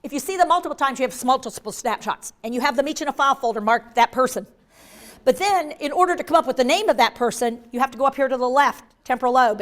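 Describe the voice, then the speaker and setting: A woman giving a lively live workshop on dementia care, acting out inner voices and joking with the audience. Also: high voice. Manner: animated, acts out inner voices, jokey asides to the audience.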